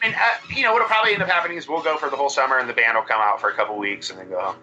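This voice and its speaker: A man, a band singer guest, talking over a video call in a relaxed, rambling way with fillers. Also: mid-range voice, very fast, lo-fi sound, a little hiss or hum. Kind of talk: remote podcast interview.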